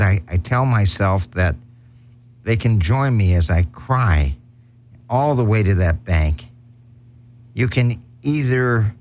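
A man's voice: on the low side, slight background noise. A man doing a campy sequined showman pianist. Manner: campy, fawning greetings and punchlines. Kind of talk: comic impression monologue.

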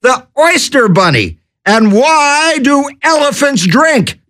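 A man with a high, wildly swooping voice hosts a comedy radio show. He works through wacky shout-outs and corny one-liners at an unhurried pace, breaking into manic yells. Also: sing-song. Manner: manic, wacky, cracking corny jokes and yelling. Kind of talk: zany comedy radio patter.

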